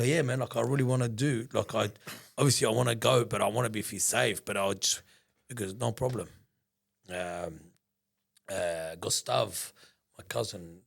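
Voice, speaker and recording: A man telling a story in a casual interview, rambling and animated, acting out conversations and swearing freely. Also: lowish voice, vocal fry, slightly rough. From Australia. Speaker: business founder, guest.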